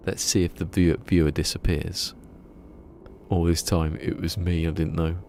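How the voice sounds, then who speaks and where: A man's voice: sits low, flat delivery, normal speed, dark tone, slight background noise. A man streaming a game and chatting casually to his viewers, rambling and laughing at his own jokes. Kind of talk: casual live-stream chat.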